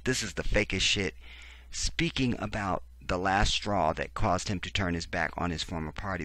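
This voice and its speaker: A man's voice: deep voice, moderate pace, a bit bright, no echo. A man hosting a profane, sarcastic political commentary, reading text aloud and breaking in with heated reactions. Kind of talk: ranting video commentary.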